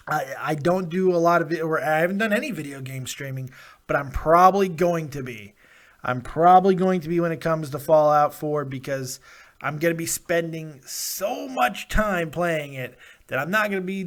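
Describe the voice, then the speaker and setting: A man hosting a live wrestling review stream, talking in an excitable, rambling way and laughing often. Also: a little high. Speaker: host of a wrestling review show.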